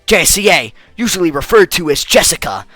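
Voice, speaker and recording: A man voicing a calm, clinical robot assistant who speaks in a measured, deadpan way for a fan dub of a game. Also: high voice, no room sound, soft background music, pitched below the performer's own voice, full character voice. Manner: measured, deadpan, matter-of-fact. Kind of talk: fan dub of a game's text.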